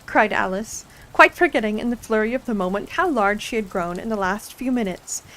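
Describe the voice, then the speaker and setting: A woman streamer narrating a storybook in a soft, unhurried ASMR reading voice. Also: on the high side, poor audio.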